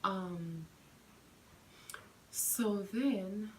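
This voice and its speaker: Young woman, chatty storytime vlog, lots of fillers, medium pitch. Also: very slow, a little mellow, a little hiss or hum, poor audio. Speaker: vlogger.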